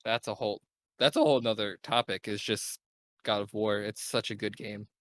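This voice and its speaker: A man's voice: on the low side, fairly even intonation, moderate pace, fairly bright tone, dry recording. A young man hosting a casual gaming podcast, talking in an enthusiastic, rambling way and correcting himself as he goes. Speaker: podcast host.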